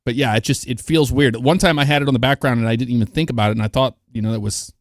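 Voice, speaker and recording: A man's voice: mid-range voice, rapid-fire, dry recording, clean studio sound. A man co-hosting a casual racing podcast, telling anecdotes and reminiscing. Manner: storytelling, reminiscing, laughs easily. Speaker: podcast co-host. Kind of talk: casual chat.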